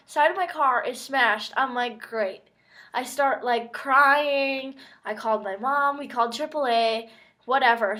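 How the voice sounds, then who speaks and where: Chatty high-voiced young woman vlogger. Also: a bit bright. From Minnesota, US. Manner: chatty, quotes herself a lot, wry and exasperated. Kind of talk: casual storytelling to camera.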